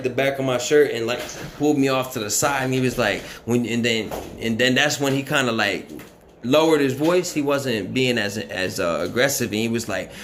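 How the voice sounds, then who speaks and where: Sex: man. Role: vlogger. Style: casual storytelling. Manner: rambling and profane, heavy on fillers. Pitch: mid. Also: a bit bright, slight background noise. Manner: rambling, profane, constant "you know what I mean" fillers. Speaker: vlogger telling his life story.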